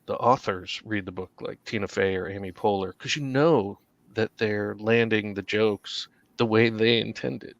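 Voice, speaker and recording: A man who is an author, talking on a podcast panel in a measured, thoughtful way with dry humor. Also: on the low side, fairly even intonation, creaky, dry recording. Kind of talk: casual round-table chat. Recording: dry, dull lo-fi sound.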